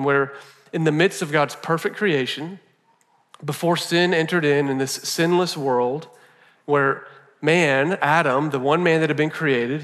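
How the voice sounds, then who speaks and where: A man's voice: on the high side, fairly bright tone, in a large hall. A male pastor preaching a sermon in a conversational way, repeating phrases for emphasis.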